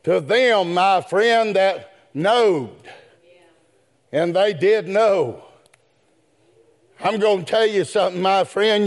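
High, gravelly whooping preacher man. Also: slow, pauses often, some chatter behind. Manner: folksy plain speech with calls of "brethren" and "my friend". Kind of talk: sermon.

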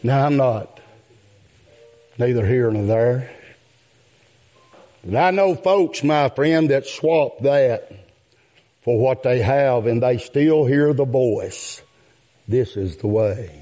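A man preaching a sermon in a drawn-out cadence that rises into outbursts. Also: mid-range voice, warm tone. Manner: calls out "my friend" and "yes, sir".

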